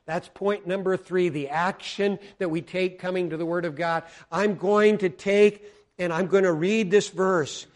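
An American man from Colorado preaching a sermon, swinging between loud exclamations and hushed, earnest asides. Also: high voice, fairly even intonation, measured pace. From Colorado, United States.

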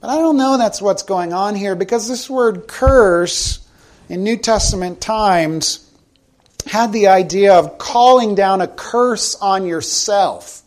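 High-voiced preacher, conversational. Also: male voice. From South Carolina. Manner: conversational storytelling preacher, slows for emphasis. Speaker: pastor. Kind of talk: sermon.

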